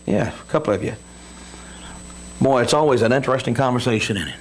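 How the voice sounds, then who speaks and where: A male pastor preaching a sermon to his congregation, asking them questions and swinging between booming emphasis and quiet low asides. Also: animated, fast talker. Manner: call-and-response preaching, asks the congregation questions.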